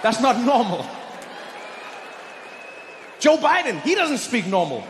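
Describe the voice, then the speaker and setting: A man performing a stand-up comedy set, animated, hammering home repeated punchlines. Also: very high-pitched, slow pace, some chatter behind, a little hiss or hum. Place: live comedy venue. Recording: echoey live hall. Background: audience laughter.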